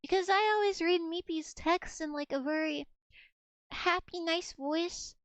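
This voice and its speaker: A woman's voice: very high voice, fairly even intonation, unhurried, dry recording, rough recording. A young woman streaming a video game live, joking and swearing as she banters with her chat.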